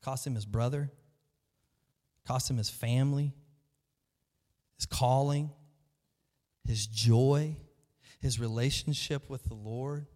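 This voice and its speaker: A man preaching a sermon to his church, lively and emphatic, often acting out the voices of the people in his story. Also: mid-range voice, takes it slowly, long pauses. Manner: animated preaching, acts out quoted voices. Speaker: pastor. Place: large church hall. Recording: long hall reverb.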